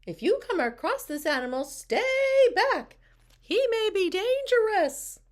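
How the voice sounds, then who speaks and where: A woman's voice: very high-pitched, big pitch swings, a little slow, pitched above the performer's own voice, heavily acted. A woman voicing a fussy, stern older woman teacher who announces warnings to her class, in a storybook read-aloud. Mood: alarmed.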